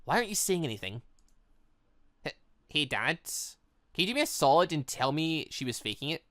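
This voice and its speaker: A man's voice: a little high, brisk, dry recording, studio quality. A man reading a distraught young woman. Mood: pleading. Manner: reads her lines flat in his own voice. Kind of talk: visual novel read-through.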